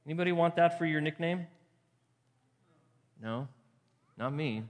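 Male pastor with a slightly high voice, preaching in a casual way that keeps checking in with the room. Long hall reverb on every line. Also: measured pace. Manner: conversational, asks the crowd rhetorical questions; repeats phrases for emphasis. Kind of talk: sermon.

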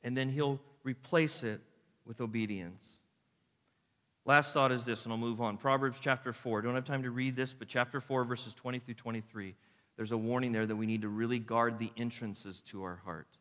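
Bright-voiced pastor preaching in a hall. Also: male voice, medium pitch, normal speed. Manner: lively storytelling with acted-out voices. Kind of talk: sermon. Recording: echoey hall.

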